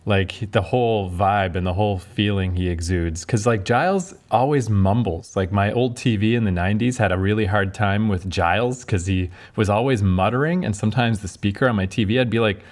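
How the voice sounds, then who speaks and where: Lively low-voiced man chatting. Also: fairly quick, few pauses. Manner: animated, swears, acts out quotes. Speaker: podcast co-host. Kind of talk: casual chat.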